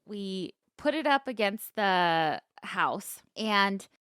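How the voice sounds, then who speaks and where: A young woman co-hosting a podcast, telling stories in a lively, casual way, swearing freely and acting out the scenes. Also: medium pitch, slow, clear, resonant tone, no room sound, clean studio sound. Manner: animated storyteller, swears freely, acts out scenes. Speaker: podcast co-host. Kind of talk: casual chat.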